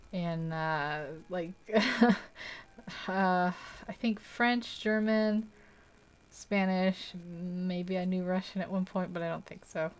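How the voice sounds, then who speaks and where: A young woman hosting a live art stream, chatting casually and rambling while she paints, laughing often and poking fun at herself. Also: lowish voice. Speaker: art livestream host.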